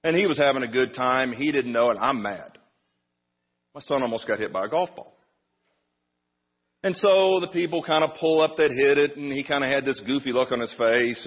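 A man's voice: mid-range voice, husky. A middle-aged man preaching a sermon as pastor, telling a story with a self-deprecating manner. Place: church. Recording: dull sound in a reverberant hall.

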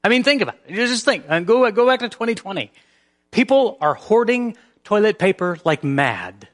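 A man preaching a sermon as pastor. His delivery shifts between hushed, near-whispered passages and emphatic, rising peaks. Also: sits high, big pitch swings, moderate pace.

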